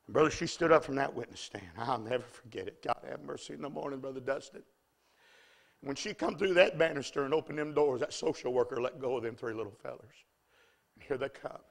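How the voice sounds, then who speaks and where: A man preaching a fiery revival sermon in a church, swinging from hushed storytelling to shouting. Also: mid-range voice, brisk, vocal fry.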